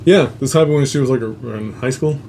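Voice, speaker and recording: A man's voice: medium pitch, a little fast, a little mellow, a little hiss or hum. A man hosting a show, casually retelling a family ghost story, swearing freely and rambling with many fillers. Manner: profane, rambling, laughs at own jokes. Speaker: host.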